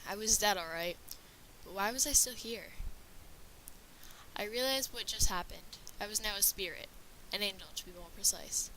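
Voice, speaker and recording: A woman's voice: medium pitch, moderate pace, sharp tone, slight background noise, low-quality recording. A woman narrating a scripted horror story with a dramatic reading manner.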